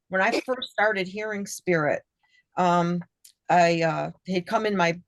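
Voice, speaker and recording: A woman talking earnestly and at length in a casual group session, her voice a touch low for a woman. She rambles a little and acts out remembered dialogue. The sound is dry and close. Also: dry recording. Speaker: workshop participant. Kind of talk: casual heartfelt sharing.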